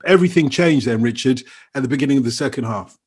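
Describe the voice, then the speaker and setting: A man's voice: medium pitch, fast talker, slightly rough. A man hosting a podcast, explaining at length and laughing easily. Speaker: podcast host. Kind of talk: casual chat.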